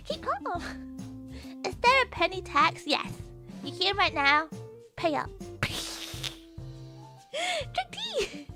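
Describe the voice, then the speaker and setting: Bubbly woman streamer, squeaky high voice with big swoops, ranting and giggling, soft music underneath. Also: big pitch swings, slow, pauses often. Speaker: VTuber streamer. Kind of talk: casual chat stream.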